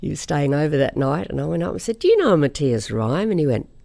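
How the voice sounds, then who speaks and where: She is a middle-aged woman from Australia, chatting as a guest in an interview. Her voice has a gravelly edge and a dark, mellow tone. She tells her stories in a lively way and laughs often. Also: sits low. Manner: chatty storyteller, quick to laugh. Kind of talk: casual interview chat.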